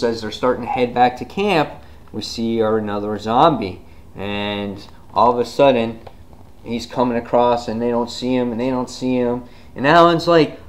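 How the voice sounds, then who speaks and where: A man with a medium-pitched voice gives a casual, rambling comic book review. He fills it with fillers and retells scenes, bursting into sudden loud outbursts.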